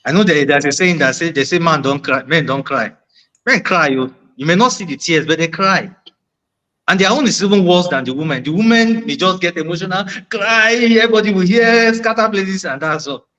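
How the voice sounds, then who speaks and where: A man's voice: sits high, animated, a little fast, bright, forceful tone, muffled recording. A man on a discussion panel, making his point earnestly and often repeating phrases. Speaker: panel guest.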